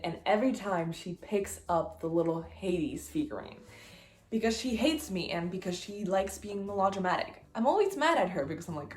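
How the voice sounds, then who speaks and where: A young woman book vlogger talking casually about a novel, chatty and excitable. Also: mid-range voice, normal speed, soft background music. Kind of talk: casual chat. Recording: roomy echo.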